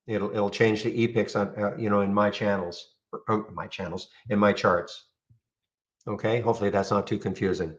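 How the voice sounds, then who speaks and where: Man explaining trading software, dull audio. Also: fairly low pitch, steady tone, normal speed. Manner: rambling, frequent restarts and "okay?" check-ins. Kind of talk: casual screen-share tutorial.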